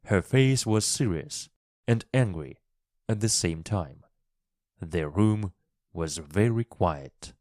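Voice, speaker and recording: A male storyteller reads a storybook for English learners at an unhurried pace. His voice is low and his pitch moves widely, and it sounds dry and close. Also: no room sound. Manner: slow, expressive reading.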